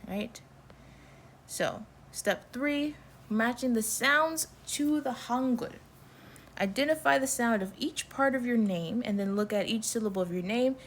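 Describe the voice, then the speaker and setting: American woman, language teacher; unhurried, patient delivery, mid pitch, light background noise. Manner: slow, patient explaining with repeated example words. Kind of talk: online language lesson.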